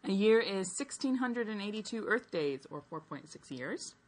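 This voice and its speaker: A woman's voice: medium pitch, lively intonation, normal speed. A woman co-hosting a casual podcast, chatting and laughing while she reads out science facts. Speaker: podcast co-host. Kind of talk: casual chat reading out facts.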